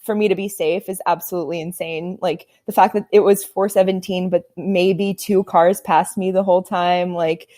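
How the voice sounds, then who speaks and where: A woman in her twenties telling a story as a podcast guest, animated and laughing often, with lots of "like" fillers. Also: on the low side, normal speed, hardly any pauses. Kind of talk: casual chat.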